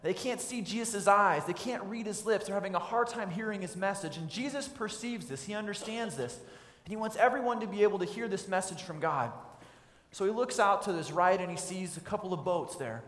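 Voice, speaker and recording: A man's voice: high-pitched, animated, fairly quick, a bit bright. A man preaching a sermon as pastor, telling a scene vividly for his listeners. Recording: echoey hall with long reverb.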